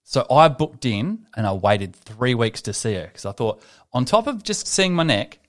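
A man's voice: medium pitch, big pitch swings, normal speed. A man, a podcast host telling a long rambling story in casual chat, swearing freely.

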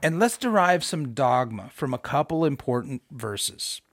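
A middle-aged man giving an informal, conversational Bible teaching with emphatic rhetorical questions and bursts of excitement. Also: mid-range voice, measured pace, dry recording, clean studio sound. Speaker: podcast host teaching scripture.

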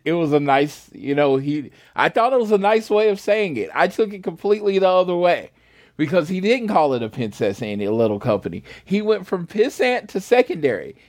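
A man's voice: high-pitched, very animated, brisk, darkish tone, no echo, clean studio sound. A man co-hosting a casual wrestling podcast, talking in a laid-back, rambling way. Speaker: podcast co-host.

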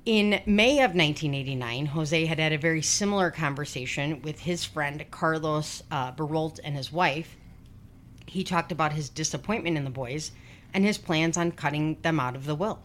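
A woman's voice: low-pitched, moderate pace, slight background noise. Blunt, sweary woman in her forties. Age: 40s. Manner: blunt, sweary, sarcastic asides. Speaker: podcast host. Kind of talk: casual true-crime storytelling.

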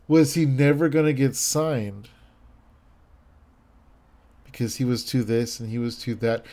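Man, thirties, casual chat, rambling, enthusiastic, mellow dark voice. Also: mid-range voice. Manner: rambling, enthusiastic, lots of fillers and restarts.

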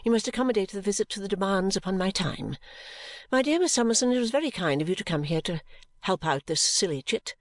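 A woman's voice: medium pitch, fast talker, no room sound, natural voice. Woman playing a serenely dismissive mother. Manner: calm, clear, dismissive. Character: serene, detached, self-absorbed middle-aged mother.

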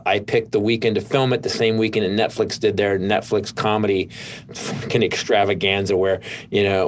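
Rambling middle-aged man, low voice. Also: slight background noise. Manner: rambling storytelling with many restarts. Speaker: comedian, guest. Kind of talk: casual podcast conversation.

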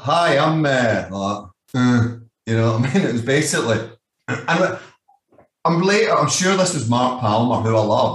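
A Scottish man in his fifties, a guest telling long rambling anecdotes, swearing freely and leaning on "you know what I mean". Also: mid-range voice. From Scotland. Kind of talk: casual storytelling. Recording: echoey room, distant mic.

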